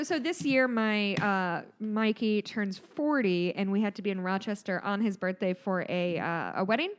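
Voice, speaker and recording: A chatty woman in her thirties, co-hosting a podcast, tells her stories in a loose, rambling way. She fills the gaps with plenty of "um"s and "like"s and laughs easily. Her voice sits at an ordinary middle pitch. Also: smooth. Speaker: podcast co-host. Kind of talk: casual chat.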